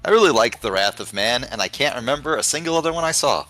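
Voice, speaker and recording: Man, let's play host, casual commentary, bright tone, swears, filler words. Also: mid-range voice, expressive, fast talker, soft background music, poor audio. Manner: laid-back, swears, many fillers.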